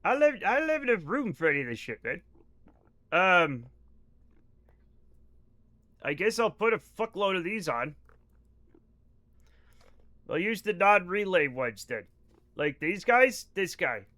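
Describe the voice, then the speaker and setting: High-pitched and sing-song, this man's bright, forceful voice moves a little slowly with long pauses. He's streaming a game and casually chatting with viewers, rambling, swearing and joking.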